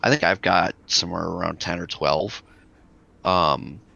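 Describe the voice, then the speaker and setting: Male podcast co-host, very deep and gravelly, bright edge, laid-back, lo-fi mic. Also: a little slow. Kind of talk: casual podcast chat. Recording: dull lo-fi mic.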